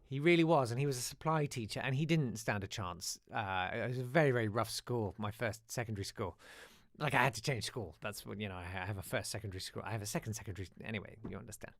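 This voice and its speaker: A man's voice: fairly low pitch, fast talker, no room sound, studio quality. A man hosting a live show, chatting casually, reading listener emails and telling stories with asides and restarts. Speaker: host.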